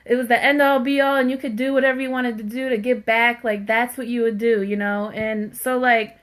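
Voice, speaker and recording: A woman streaming casually from home talks heartfeltly with viewers and reads out their comments, peppering her chat with "like" and "you guys." She speaks briskly, her fairly high voice steady in tone and a bit bright.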